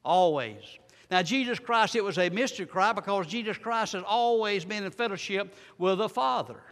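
A man preaches a sermon, pushing certain words out loud and letting others drop almost to a hush. His voice sits a little higher than most men's, and a long reverb trails after each phrase. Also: normal speed. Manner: dramatic swings between loud and soft, repeated rhetorical questions.

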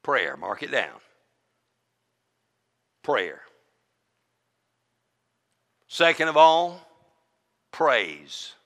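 A man preaching a sermon as interim pastor, swinging from booming declarations to hushed asides. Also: big pitch swings, drawn-out words, gravelly, long pauses, big-room sound.

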